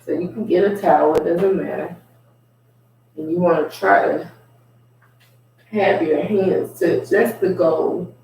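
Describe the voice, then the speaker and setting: A man coaches a stretching routine at home in a slow, easygoing way, his voice gravelly and dark. He sounds far from the mic in a very echoey room with faint background noise. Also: high voice. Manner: relaxed, unhurried coaching with asides. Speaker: fitness instructor. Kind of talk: casual home workout instruction.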